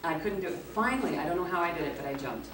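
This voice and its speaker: A woman guest at a convention Q&A, telling a lively anecdote, acting out the quotes and laughing often. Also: on the low side, rapid-fire. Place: large echoey convention hall. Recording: echoey hall, distant mic, background noise.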